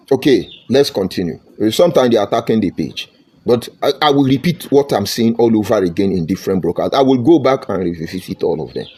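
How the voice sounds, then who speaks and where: Male, Nigerian accent, mid pitch, lively delivery, emphatic preachy commentator. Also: slightly rough. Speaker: online commentator. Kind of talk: impassioned monologue.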